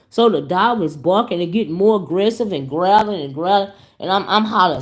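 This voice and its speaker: A woman's voice: mid-range voice, a little fast, few pauses. A woman, chatting animatedly to her viewers as she tells a story on her vlog. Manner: animated, chatty, calls audience "y'all" and "child". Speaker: YouTube commentary host. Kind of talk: casual storytelling chat.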